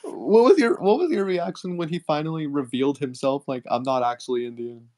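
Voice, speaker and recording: A man's voice: fairly high pitch, fairly quick, dark tone. A young man chatting casually with a friend on stream, rambling through a story and giggling often.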